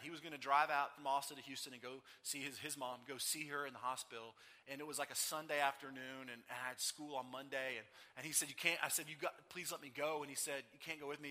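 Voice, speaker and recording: High, bright man preaching in a hall. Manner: animated storytelling, voicing the people in the text. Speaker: pastor. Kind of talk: sermon. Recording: long hall reverb.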